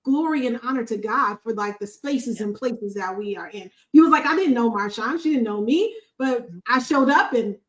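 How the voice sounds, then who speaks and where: A woman from Buffalo hosting a podcast, sharing a heartfelt testimony in an animated, emphatic way with a preacher-like cadence. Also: on the high side, moderate pace, hardly any pauses, low-quality recording. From Buffalo, New York, USA. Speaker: podcast host.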